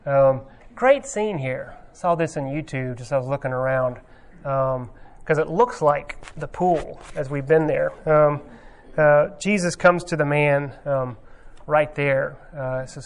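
A man's voice: fairly high pitch, measured pace, hardly any pauses. A man giving an informal sermon, talking conversationally with many ums and uhs as he retells a scene. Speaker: pastor.

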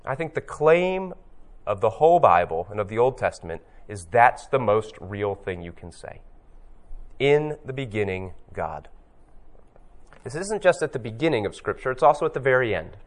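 A man giving a teaching talk on scripture, his voice at an ordinary middle pitch. He speaks reflectively, telling the story step by step and slowing down to land the key phrases. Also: big pitch swings. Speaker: Bible teacher.

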